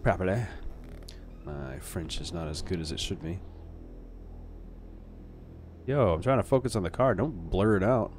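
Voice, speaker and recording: Low-voiced man chatting over gameplay. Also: expressive, moderate pace, pauses often, a little mellow, slight background noise. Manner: chatty, self-deprecating, talks to himself. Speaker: let's play host. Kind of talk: casual gameplay commentary.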